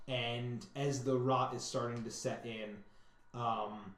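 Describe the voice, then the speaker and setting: Slow, halting game master in an echoey room. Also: male voice, medium pitch, steady tone. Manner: halting, repeats words while describing scenes. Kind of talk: narrating a tabletop game.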